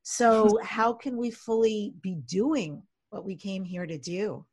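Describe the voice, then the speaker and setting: A woman's voice: mid-range voice, slow, darkish tone, husky, dry recording. A woman hosting an interview, asking questions in an eager, engaged way. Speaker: podcast host.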